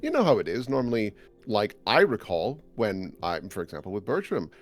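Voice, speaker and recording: A guilt-ridden, earnest woman, played by a man in a tabletop game. She speaks in a low, lively voice, hesitant and halting. Her sentences stumble through ums as she tries to explain herself. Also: faint music behind. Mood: musing. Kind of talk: tabletop role-play in character.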